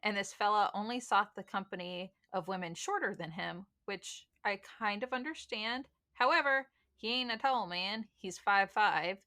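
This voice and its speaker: A Southern woman hosts a casual true crime podcast. She tells the case bluntly, with jokes and folksy slang. Her voice is bright and forward. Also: mid-range voice, normal speed, hardly any pauses. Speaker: podcast host, case narrator.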